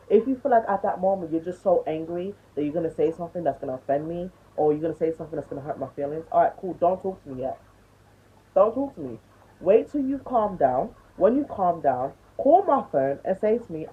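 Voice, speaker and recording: A woman's voice: low-pitched, animated, fairly quick, dark tone, breathy edge. A woman in her twenties ranting bluntly to camera, swearing and lecturing, on tinny phone-like audio. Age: 20s. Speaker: vlogger.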